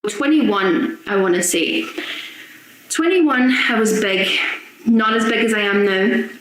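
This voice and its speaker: A young woman with a mid-range voice speaks slowly as a guest, earnestly sharing a personal story with strong emotion. The recording is in a very echoey room with faint noise.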